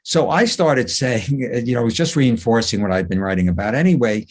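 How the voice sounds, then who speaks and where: A man's voice: medium pitch, fairly quick, darkish tone. An older man, a psychologist, speaking as a guest in a webinar, telling anecdotes in a conversational way with chuckles and restarts over a video call microphone.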